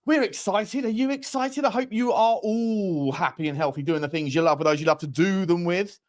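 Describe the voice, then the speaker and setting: A man's voice: fairly high pitch, a little fast. A man hosting a live football watchalong, chatting casually with viewers and reading their comments aloud in an upbeat, matey way. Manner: upbeat, matey banter with the chat. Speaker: host of a football fan channel.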